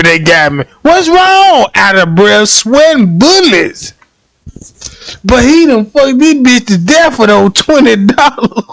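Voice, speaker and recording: High-voiced man, unhurried, laughing storyteller. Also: vocal fry, fairly bright tone, no echo. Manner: laughs often, acts out quoted dialogue in slangy talk. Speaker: livestream host. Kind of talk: casual livestream storytelling.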